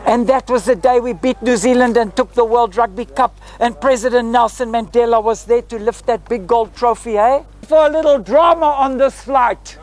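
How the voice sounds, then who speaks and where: A South African man in his sixties, a retired flight attendant guiding a group through a parked airliner in a lively, theatrical way, tagging his lines with "eh?". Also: extremely high pitch, normal speed, few pauses, rough recording. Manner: lively, theatrical, tag questions like "eh?". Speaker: tour guide. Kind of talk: guided tour talk to a group. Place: inside a parked airliner cabin.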